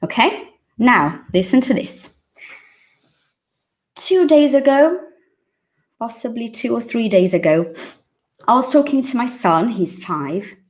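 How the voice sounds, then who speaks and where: A woman's voice: a little high, expressive, takes it slowly, pauses often. A woman in her thirties from Brazil, teaching English in a chatty, emphatic monologue and acting out the voices she quotes.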